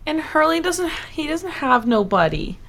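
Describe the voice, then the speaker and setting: A woman guest on a casual podcast chat, reacting in an expressive, emphatic way. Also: high-pitched, moderate pace.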